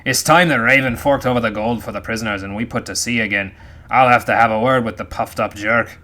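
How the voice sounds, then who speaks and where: A man's voice: medium pitch, fairly quick, lightly acted. A man putting on a pirate voice to read a grumbling pirate captain's logbook aloud. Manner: loud, growling pirate voice. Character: grumbling male pirate captain writing his log.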